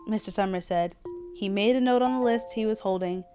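A woman's voice: medium pitch, a little fast, over music. Woman reading a story aloud. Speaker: podcast host.

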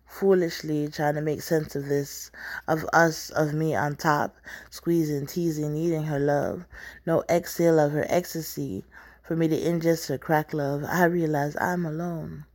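A woman's voice: low-pitched, flat delivery, a little slow, darkish tone. A woman, the author, reading her own book aloud in an intense, poetic, rhythmic spoken-word style.

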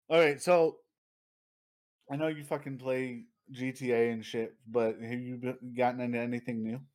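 A young man chatting casually as a podcast co-host, telling stories with lively acted-out outbursts and frequent laughter. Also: medium pitch, measured pace, pauses often. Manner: animated storytelling, acting out people with loud outbursts, laughs often. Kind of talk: casual chat.

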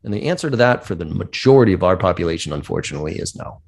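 A man hosting a casual talk about sales, swearing freely and acting out scenes in quick voices. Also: sits low, creaky. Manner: profane, animated storytelling with put-on voices. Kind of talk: casual conversation.

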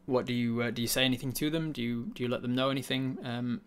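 A man narrating a tabletop game as game master, halting and full of uhs and ums. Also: medium pitch, steady tone, smooth.

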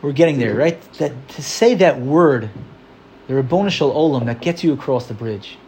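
A man's voice: mid-range voice, lively intonation, moderate pace, a little mellow, slight background noise. Guy giving a casual torah class, talks loose and chatty, lots of like. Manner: chatty, full of "like", acts out quotes. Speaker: Torah teacher. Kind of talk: informal religious class.

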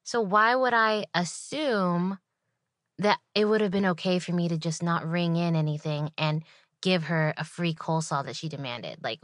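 A woman host rants through a story in a sarcastic, animated, exasperated way. Her voice sits fairly low for a woman. The recording is dry and close, with no room sound. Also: no room sound. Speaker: podcast host. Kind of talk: solo storytelling rant.

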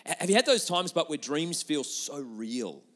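A middle-aged man preaching a sermon as a pastor. He tells a story in a chatty, animated way, with many restarts, and puts questions to the audience. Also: a little high, moderate pace, in a large hall.

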